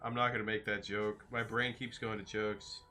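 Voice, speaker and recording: A man's voice: fairly low pitch, little pitch movement, moderate pace, sharp tone. A young man streaming, chatting casually and rambling with jokes as he answers his viewers. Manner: rambling, joking, reads out chat names.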